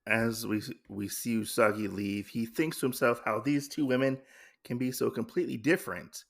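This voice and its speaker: A man's voice: mid-range voice, steady tone, moderate pace, creaky. A man hosting a podcast, casually recapping a comic story in a rambling way with fillers and self-corrections. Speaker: podcast host.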